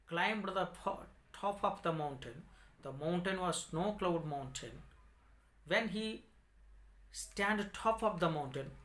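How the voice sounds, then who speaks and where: A man's voice: fairly high pitch, sharp tone. A male English teacher who explains a story lesson, repeats lines, and defines words in simple terms. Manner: repetitive, explains word meanings in simple words.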